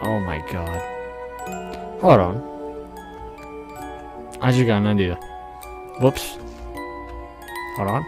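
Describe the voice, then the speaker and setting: A man's voice: fairly low pitch, slow pace, pauses often, music in the background. A young man playing a horror game, jumpy and nervous, swearing often and laughing at his own scares. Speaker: gamer.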